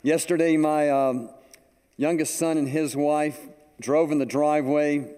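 An older man preaching a sermon as pastor, telling homey anecdotes in a slow, deliberate way. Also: fairly high pitch, fairly even intonation, dark tone, smooth, in a large hall. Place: large auditorium.

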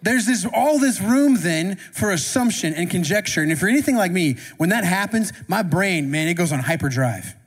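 A man with a high, animated, slightly rough voice preaches a sermon as a pastor, moving at a moderate pace with hardly any pauses. He talks conversationally and puts questions to the congregation. The long reverb of the church sanctuary fills the recording.

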